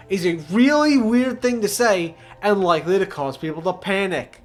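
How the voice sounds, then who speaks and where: A man with a notably high voice streams a game live, riffing on it with sarcastic, profane jabs. His mocking commentary sits over faint background music. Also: normal speed, few pauses.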